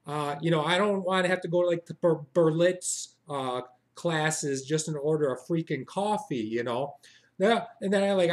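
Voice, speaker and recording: A man with a high voice delivers a comedic rant. He sounds exasperated and fills his talk with likes and you-knows. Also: moderate pace. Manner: exasperated, filler-heavy with like and you know. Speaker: comic ranter.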